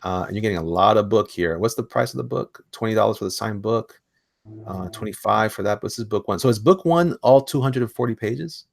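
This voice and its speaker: Excitable man hosting a casual chat. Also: lowish voice, fairly quick, creaky, no room sound. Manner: excitable, rambling, laughs often. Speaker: host. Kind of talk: casual livestream chat about indie comics.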